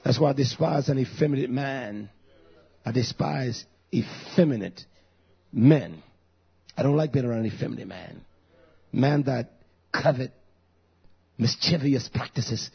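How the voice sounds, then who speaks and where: A man in his fifties preaching a fiery sermon, dropping to low growls and rising to shouts. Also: a little slow, vocal fry, long pauses, husky, highs cut off. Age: 50s.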